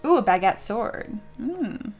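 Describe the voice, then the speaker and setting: A woman's voice: on the high side, big pitch swings, takes it slowly, faint music behind. Chatty woman live-streaming a sculpting tutorial. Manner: chatty, jokey, reads chat aloud.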